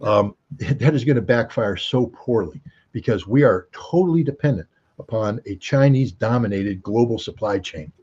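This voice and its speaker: American man, mellow dark voice, emphatic commentary, rhetorical questions, muffled lo-fi audio. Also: fairly low pitch, expressive, normal speed, slightly rough. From United States. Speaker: guest commentator. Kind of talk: opinionated interview commentary.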